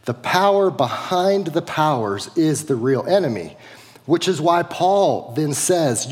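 A man's voice: fairly high pitch, lively intonation, slow, a little mellow, long reverb tail. A middle-aged man preaching a sermon as a pastor, conversational, with frequent casual fillers.

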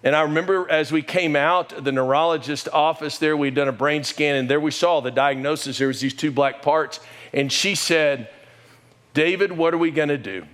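A man's voice: normal speed, fairly bright tone. A middle-aged man preaching a sermon, telling an emotional family story and lifting his voice when he quotes people. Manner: storytelling, emotional, rises in pitch and volume when quoting. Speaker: pastor.

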